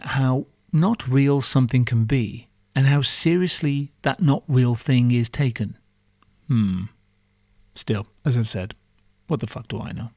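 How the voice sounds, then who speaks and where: A man hosting a podcast, ranting in a sarcastic, sweary comic monologue full of rhetorical questions. His mid-pitched voice is recorded close and dry, with no room sound. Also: warm tone, no room sound. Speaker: podcast host.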